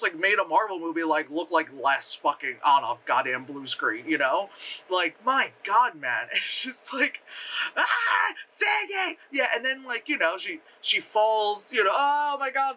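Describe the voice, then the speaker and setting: Animated, bright-voiced movie reviewer. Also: mid-range voice. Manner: animated, profane, laughs often, many fillers. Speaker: effects artist. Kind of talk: casual spoken film review.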